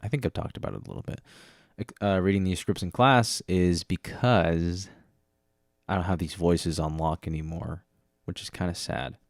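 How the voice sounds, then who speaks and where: Low-voiced male podcast host, joking and rambling, dry close sound. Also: no room sound. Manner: rambling, self-mocking, joking. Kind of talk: casual podcast chat. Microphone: close studio mic with headphone monitoring.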